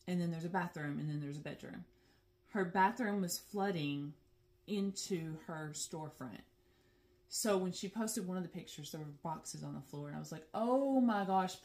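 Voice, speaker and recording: A middle-aged woman, chatting casually and with animation as the host of her stitching vlog. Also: lowish voice. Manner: chatty and animated, laughs often, says "girl" and "y'all". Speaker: flosstube host.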